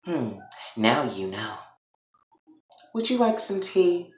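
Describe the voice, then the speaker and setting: A man voicing a calm, menacing woman villain who speaks in a hushed, coolly threatening way. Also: a little high, slow pace, voice pushed up. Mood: quietly menacing. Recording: echoey room.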